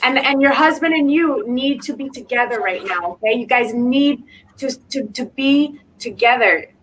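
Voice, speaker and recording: A woman gives a live spiritual reading as a psychic medium, emphatically circling back to the same reassuring words for her listener. Her high, somewhat bright voice keeps a moderate pace, and the poor audio has slight background noise.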